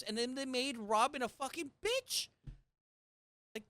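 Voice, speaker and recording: A woman co-host rants in a casual podcast chat, cursing freely and flaring into loud, exasperated bursts. Her voice is bright and forceful. The sound is dry and close. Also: on the high side, lively intonation, normal speed, no echo. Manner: ranting, swears a lot, bursts of loud exasperation.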